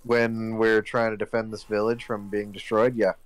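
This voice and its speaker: A man's voice: on the low side, little pitch movement, moderate pace. Dry sarcastic man teasing his gaming buddy. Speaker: gamer co-streaming. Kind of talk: casual gaming banter.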